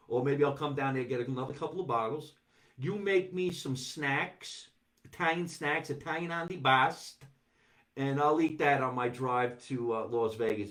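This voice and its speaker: A man hosting a live stream from his basement, chatting loosely, reading viewer comments and riffing with animated bursts. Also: medium pitch. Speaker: podcast host. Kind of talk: casual live-stream chat. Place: home basement.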